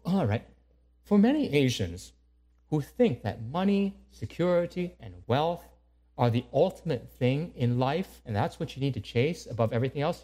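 Animated man preaching a sermon. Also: high voice. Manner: conversational, frequent rhetorical questions.

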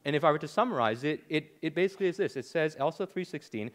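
A man in his thirties preaching a sermon, animated, with rhetorical questions and dry sarcasm. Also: a little high, fast talker, hardly any pauses. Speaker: pastor.

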